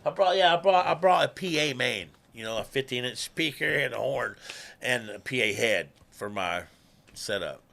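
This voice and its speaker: A man, a musician guest telling stories in casual talk, animated and swearing freely. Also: medium pitch, moderate pace, vocal fry. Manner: animated, swears freely, acts out quoted people. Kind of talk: casual conversational storytelling.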